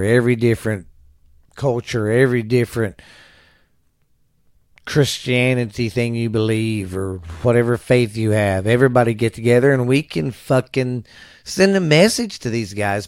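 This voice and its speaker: A man's voice: mid-range voice, dry recording, clean studio sound. A middle-aged man hosting a casual podcast from home, rambling and ranting with frequent swearing and stammers. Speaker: podcast host. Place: home at night.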